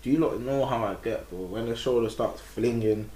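A man's voice: mid-range voice, moderate pace, dark tone. Jokey man, roomy sound. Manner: playful, jokey banter. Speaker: podcast co-host. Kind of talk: casual chat. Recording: roomy room, faint noise.

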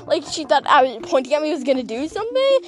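A woman's voice: high voice, very animated, fast talker. A woman hosting a podcast who tells a rambling story in casual chat. She laughs often, stops herself mid-sentence, and fills gaps with "um" and "like.". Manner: rambling, giggly, full of fillers and self-interruptions. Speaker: podcast host.

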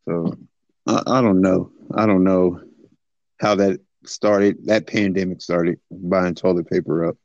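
A man co-hosting a podcast, talking casually in halting, hesitant bursts full of fillers. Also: deep voice, steady tone, darkish tone, no room sound, muffled recording. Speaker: podcast co-host. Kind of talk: casual chat.

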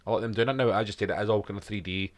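A man's voice: lowish voice, fairly even intonation, rapid-fire. A man with a Scottish accent, co-hosting a podcast in laid-back, sweary casual chat. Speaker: podcast co-host.

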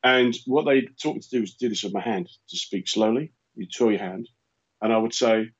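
A man in his fifties with a London accent, hosting a casual chat as an animated storyteller. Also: fairly low pitch, fairly quick, breathy edge. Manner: animated storyteller who slips into put-on voices. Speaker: radio host. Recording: muffled lo-fi sound.

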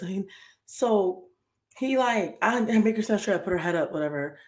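A woman's voice: medium pitch, big pitch swings, normal speed. A young woman hosting a podcast, telling a story in a heated, profane, repetitive rant. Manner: heated, profane, repeats herself. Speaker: podcast host.

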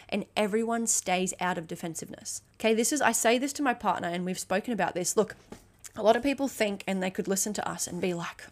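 A young adult woman hosting a solo motivational podcast, speaking bluntly and emphatically, swearing freely and checking in with the listener. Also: medium pitch. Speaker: podcast host.

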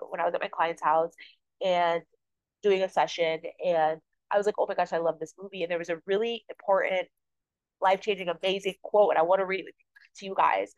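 A woman's voice: on the low side, dry recording, lo-fi sound. Woman, podcast host, earnest, rambling, dry sound. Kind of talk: casual spiritual talk.

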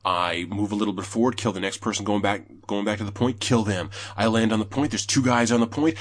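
Husky-voiced man telling gaming stories. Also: fairly quick, few pauses. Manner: animated storyteller, swears, jumps high when excited. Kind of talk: casual gaming chat.

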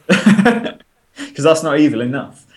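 A man's voice: a little high, big pitch swings, takes it slowly. A man co-hosts a podcast and talks in loose, casual chat. He rambles, jokes and swears freely. His delivery stays loose and conversational. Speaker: podcast co-host.

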